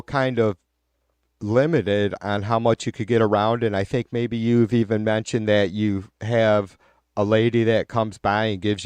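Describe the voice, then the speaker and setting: A low-pitched man talks straight into a dry, close mic with no room sound. He reads out viewer comments and rants bluntly about politics, swearing freely. His delivery is heated and casual. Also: a little mellow, clean tone, no room sound. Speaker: live stream host reading viewer comments. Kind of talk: casual profane political rant.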